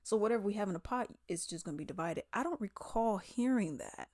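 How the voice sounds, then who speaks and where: A woman vlogger rattles off her opinions in a loose, slangy chat. Her delivery is animated and opinionated, and her voice sits in an ordinary middle pitch. The sound is close and dry with no room echo. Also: quick pace. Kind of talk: casual commentary vlog.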